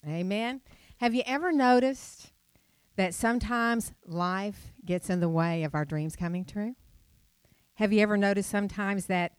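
A woman's voice: on the low side, smooth, no echo. Woman preaching, dry close sound. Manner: chatty storytelling with rhetorical questions. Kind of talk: sermon.

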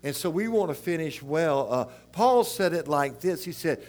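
An older man from South Louisiana with its accent, preaching a sermon in a rambling, folksy, animated way. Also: a little high, moderate pace.

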